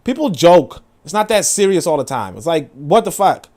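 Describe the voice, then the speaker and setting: Animated, fast-swinging male commentator. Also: a little high. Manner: animated and profane, reads comments aloud. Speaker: show host. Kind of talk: casual livestream commentary.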